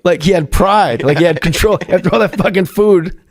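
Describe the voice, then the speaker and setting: A man's voice: high-pitched, fairly quick, dry recording, studio quality. A middle-aged man, a comedian, telling a story in casual chat and acting out the voices in it. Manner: animated, acts out voices in his stories. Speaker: guest comedian.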